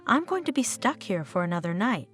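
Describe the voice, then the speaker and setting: A woman's voice: mid-range voice, sing-song, brisk, lightly acted. A woman narrator voicing an irritated foreign woman tourist who snaps at a stranger, with faint guitar music behind. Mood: annoyed. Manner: irritated, snapping.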